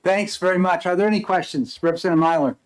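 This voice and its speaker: Friendly higher-voiced male committee chair. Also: quick pace, a little hiss or hum. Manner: friendly, informal. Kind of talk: chairing a hearing. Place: legislative committee room.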